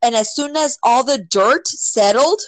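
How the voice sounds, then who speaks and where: Woman telling a story real animated, says like a lot, voice shoots up when she quotes ppl, kinda high, dry sound. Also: a little slow, dry recording, low-quality recording. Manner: animated, acts out quotes with sudden high pitch jumps; filler-heavy, many "like" and "right?". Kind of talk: casual storytelling.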